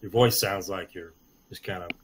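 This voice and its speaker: A man playing a tabletop game, speaking quietly and in a measured, low-key way. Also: steady tone, a little hiss or hum. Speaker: player. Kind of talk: casual tabletop game play.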